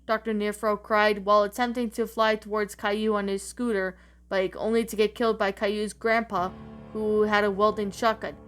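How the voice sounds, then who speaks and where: A woman's voice: mid-range voice, level tone, moderate pace. A woman narrating a creepypasta-style story, reading aloud with frequent stumbles and restarts. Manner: reads with frequent slips and restarts. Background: faint background music.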